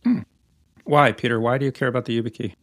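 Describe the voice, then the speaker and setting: A man's voice: mid-range voice, steady tone, quick pace, a bit bright, no echo. A man co-hosting a podcast in casual chat, teasing his friend and rambling playfully as he talks. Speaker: podcast co-host.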